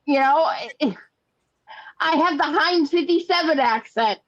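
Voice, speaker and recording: A woman's voice: high voice, a little slow, no echo, lo-fi sound. An older woman hosting a casual crochet chat stream, telling rambling stories and repeating words as she goes. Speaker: host of a crochet chat livestream.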